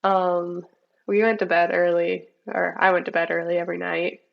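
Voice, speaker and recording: A young woman, a bike racer, chatting in a relaxed interview with lots of likes and ums over dull remote call audio. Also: lowish voice, normal speed, gravelly. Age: young adult. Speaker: mountain bike racer, guest. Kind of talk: casual interview chat.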